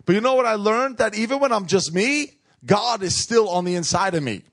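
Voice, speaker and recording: A man's voice: high-pitched, lively intonation, fairly quick, a bit bright. A man preaching a sermon, emphatic and repeating phrases for effect, calling on the congregation to respond. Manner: calls on the crowd to respond.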